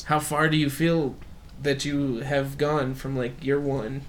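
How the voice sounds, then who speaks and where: A man's voice: mid-range voice, little pitch movement, slow pace, slight background noise. A male podcast host who is also a comedian, chatting loosely with guests. He tells stories about himself with a light, joking edge. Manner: joking, self-deprecating. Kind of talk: casual podcast chat.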